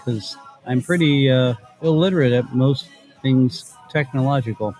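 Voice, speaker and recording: A man's voice: medium pitch, measured pace, darkish tone, soft background music. A man co-hosting a casual live show from his home studio, rambling and joking around. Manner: joking, rambling, tries silly British voice. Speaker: podcast co-host. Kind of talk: casual chat.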